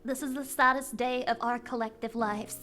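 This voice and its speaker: A woman VTuber streamer chatting casually with her viewers, excitable and profane, breaking into shrieking laughter. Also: a little high, normal speed, soft background music. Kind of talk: casual live-stream chat.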